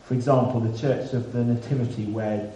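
Conversational preacher in an echoey hall. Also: male voice, medium pitch, steady tone, fairly quick, dark tone. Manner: conversational, self-deprecating humour. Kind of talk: sermon. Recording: echoey room, mic at a distance, faint background hiss.

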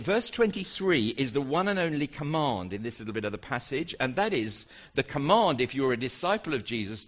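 Animated male preacher. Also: mid-range voice. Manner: animated, asks rhetorical questions. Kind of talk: sermon.

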